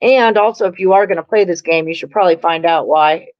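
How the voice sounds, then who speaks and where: A woman's voice: fairly low pitch, a little fast, darkish tone, dull audio. Chatty woman hosting a betting stream. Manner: chatty and loose, talking to viewers and co-hosts. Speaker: sports betting show host. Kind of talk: casual live-stream chat.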